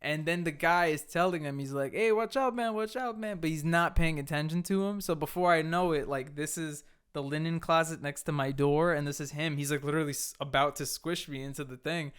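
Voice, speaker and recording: A man co-hosting a podcast, telling a story in casual, animated chat and swearing freely. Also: a little high, fairly quick, few pauses, smooth. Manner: animated, swearing, acts out people's lines in raised voices. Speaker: podcast co-host.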